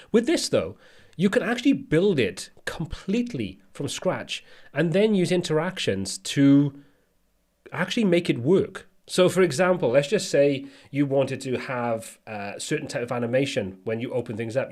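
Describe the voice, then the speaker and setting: A man's voice: medium pitch, darkish tone. Chatty man hosting a livestream. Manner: chatty, reads viewer comments aloud. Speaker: livestream host. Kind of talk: casual live-stream chat.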